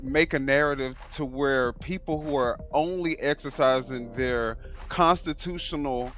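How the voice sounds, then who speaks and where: A man's voice: mid-range voice, unhurried, fairly bright tone, dull audio, soft background music. A man hosting a live talk stream, blunt and laid-back, with lots of fillers. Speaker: livestream host. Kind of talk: casual political chat.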